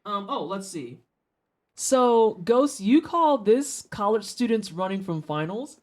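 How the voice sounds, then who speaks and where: A game streamer talking to chat mid-session in a loose, unscripted way. The talk is crude and jokey, full of swearing and offhand teasing of the game. The pitch sits in an ordinary middle range. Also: lively intonation, takes it slowly. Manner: profane, joking, talks to chat. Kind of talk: casual livestream chat while gaming.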